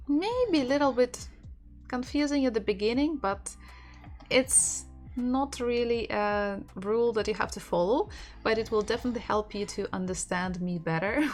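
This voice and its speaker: Slow, patient woman teaching Russian letters. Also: mid-range voice. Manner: patient, spells words out letter by letter; reads viewers' chat messages aloud. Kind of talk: live-streamed language lesson.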